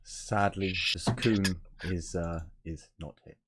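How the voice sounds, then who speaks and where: A man running a tabletop game as game master, narrating haltingly with many pauses. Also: deep voice, very noisy.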